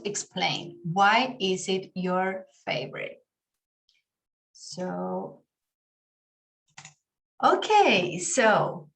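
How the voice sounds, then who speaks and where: A woman whose first language is Spanish, teaching an online class over a video call and patiently explaining with spoken examples. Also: a little high.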